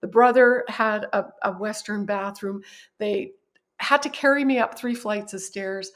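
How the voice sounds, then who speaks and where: A woman guest on a podcast, telling a personal story in a vivid, animated way and often laughing at herself. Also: fairly high pitch. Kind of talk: personal storytelling in a conversational interview.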